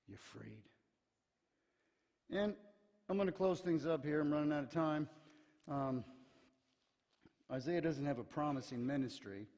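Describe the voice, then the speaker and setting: A male pastor preaching a sermon. He tells stories with energy, acts out the quotes, and often drops to a hushed tone to stress a point. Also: a little high, measured pace, pauses often. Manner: lively storyteller who acts out quotes, often dropping to a hushed tone for emphasis. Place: church sanctuary. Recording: long hall reverb.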